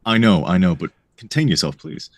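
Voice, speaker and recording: A man leading a game mod project who directs a voice recording session in a relaxed, teasing way. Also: low voice, a little fast. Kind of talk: casual chat and direction.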